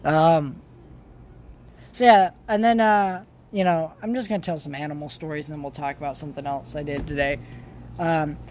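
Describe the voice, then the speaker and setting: A man's voice: a little high, fairly even intonation, normal speed, a little mellow, a little hiss or hum. Rambling vlogger man. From California. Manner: rambling, full of restarts and fillers. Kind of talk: rambling casual monologue.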